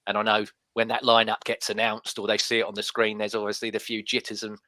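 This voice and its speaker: Man, podcast host, fast talker, crisp forward tone, dry close sound. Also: on the low side, monotone, pushed and bright, no room sound. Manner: chatty, steers questions to guests. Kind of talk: casual football chat.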